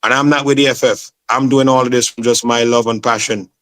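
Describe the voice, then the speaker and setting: Passionate man, mid-pitched. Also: fairly even intonation, a little fast, a bit bright. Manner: passionate, repetitive, peppered with "man" and "bro". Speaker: football promoter, guest. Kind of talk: casual interview chat.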